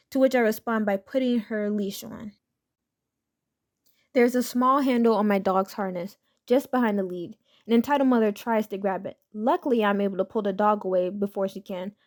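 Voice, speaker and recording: A woman reading online stories as a scripted narration, in a steady, matter-of-fact way. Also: mid-range voice.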